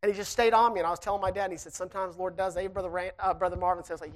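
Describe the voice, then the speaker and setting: A man's voice: high-pitched, steady tone, racing, few pauses. Storytelling preacher man. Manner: storytelling, rising to loud emphatic preaching. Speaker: guest preacher. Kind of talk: sermon.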